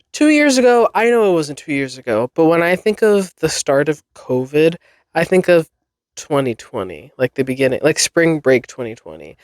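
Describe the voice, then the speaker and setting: A young woman talks through her solo podcast at an unhurried, drawn-out pace, losing her thread and apologizing for it. She sounds close and dry, with no room echo around her voice. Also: low voice, darkish tone. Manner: rambling, self-deprecating, swears and laughs often. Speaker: podcast host. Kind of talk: casual solo chat.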